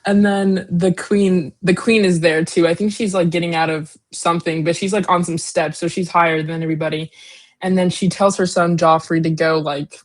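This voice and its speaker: A daughter co-hosting a casual book podcast recaps chapters in a lowish voice, with a level tone and moderate pace. Her recap rambles along, slangy and full of fillers and giggles.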